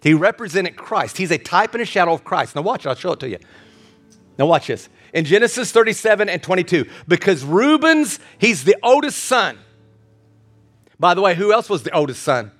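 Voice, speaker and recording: A man with a high voice preaches a sermon at a church service. He talks emphatically, repeats his key phrases and builds his intensity. Faint music sits behind him. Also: sing-song, fairly quick, a bit bright. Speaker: pastor.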